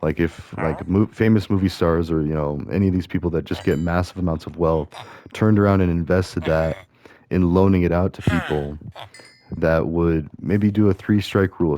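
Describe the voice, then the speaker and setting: Over his gameplay, this man speaks in a low register with a mellow, dark tone. He thinks out loud, wandering casually from one idea to the next and restarting often amid plenty of fillers.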